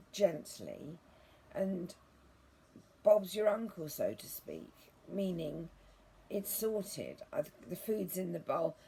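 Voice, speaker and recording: A woman talking to her viewers in a gentle, earnest, meandering way, restarting her sentences often. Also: lowish voice, gravelly, a little hiss or hum. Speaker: vlogger. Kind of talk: rambling monologue to viewers.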